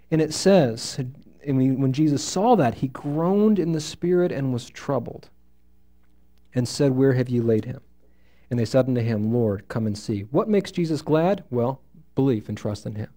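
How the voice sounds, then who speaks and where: A man teaching a Bible study to a live group, reading scripture aloud and explaining it in an animated way while asking his listeners questions. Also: medium pitch. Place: room with a small group listening.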